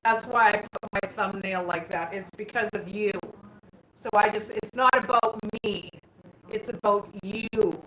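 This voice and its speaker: In an echoey room with a faint hum in the background, a woman with a mid-range, slightly bright voice speaks at a measured pace with fairly even intonation. She's running a casual live stream on her phone from her home kitchen, chatting and reading viewer comments aloud as she responds to them.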